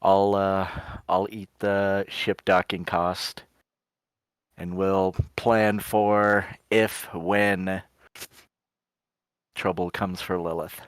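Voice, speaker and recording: Guy with a really low voice doing tabletop roleplay, slow, dry close sound. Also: little pitch movement, clear, resonant tone, dry recording. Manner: unhurried, sets up each line with "he goes". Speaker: player voicing his character Gadri. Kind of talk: tabletop role-play, narrating and speaking in character.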